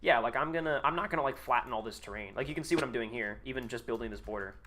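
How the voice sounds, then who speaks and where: A man's voice: mid-range voice, rapid-fire, pushed and bright. A man streaming a game live, chatting casually, joking with his chat and swearing a lot while he builds. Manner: swears often, jokes and banters with chat; self-mocking, mutters while building. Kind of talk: casual live gameplay commentary.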